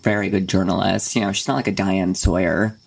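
A woman's voice: very deep voice, steady tone, a little fast, vocal fry, darkish tone, husky. A young woman co-hosting a podcast from a bedroom, chatting casually, rambling and swearing with frequent laughs. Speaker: podcast co-host. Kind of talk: casual chat. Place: home bedroom with a radiator.

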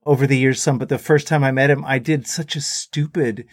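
A man's voice: medium pitch, brisk, no echo, studio quality. A man as a guest on a talk show, telling anecdotes and quoting the people in them. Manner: animated anecdotes with quoted voices. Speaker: musician guest. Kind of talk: casual storytelling interview.

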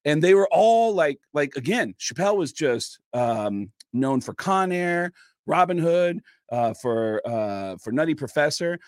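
A comedian guest in a podcast studio telling a long story in a lively, casual way, acting out the people in it. His voice sits a bit high and sounds dry and close. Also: measured pace, no room sound. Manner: lively, acts out voices, lots of fillers.

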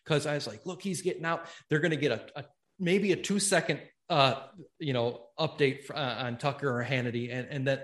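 Animated man host, stumbling over phrasing. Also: mid-range voice, fairly quick, roomy sound. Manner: animated, stumbling over his words, apologetic. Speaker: podcast host. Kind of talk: casual interview chat.

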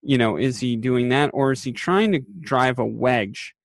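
A man's voice: mid-range voice, moderate pace, dry recording. A man in casual podcast chat, recapping a TV episode in a rambling way, with lots of fillers and quoted lines acted out. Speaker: podcast co-host.

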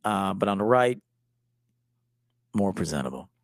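Lively, joking man in his forties. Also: low voice, measured pace, dry recording, studio quality. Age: 40s. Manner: loose, joking and profane. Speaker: style coach and host. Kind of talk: casual live-stream commentary.

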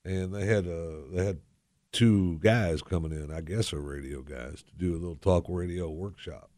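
A man's voice: low voice, moderate pace, dark tone, no room sound, studio quality. A man hosting a talk radio show into a headset mic, talking in a put-on folksy drawl with a joking, sarcastic manner. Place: radio studio. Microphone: headset microphone.

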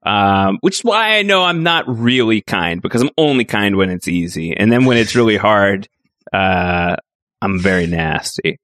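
Animated, playful man podcast co-host. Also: fairly low pitch, normal speed, no echo, studio quality. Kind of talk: casual podcast chat.

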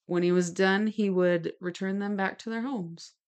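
A woman's voice: mid-range voice, steady tone, moderate pace, darkish tone. A woman co-hosting a podcast, telling a true-crime story from her notes with chatty asides. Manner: gestures while talking. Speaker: podcast co-host.

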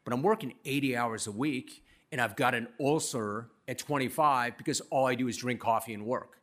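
A middle-aged man from Los Angeles giving a commencement speech, telling his story in a punchy, self-deprecating, animated way. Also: mid-range voice, normal speed. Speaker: commencement speaker. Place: university commencement ceremony.

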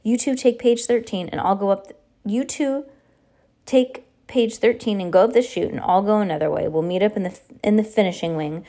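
A woman's voice: medium pitch, a little fast, warm tone, lightly acted. A woman reading aloud, voicing a brave, resourceful teenage girl who speaks urgently and with determination.

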